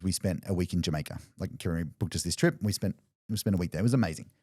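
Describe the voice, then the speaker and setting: A man, a business coach guest on a podcast, telling a story in a loose, animated way with lots of fillers and restarts. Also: sits low, very fast, dry recording, studio quality. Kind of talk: casual storytelling in conversation.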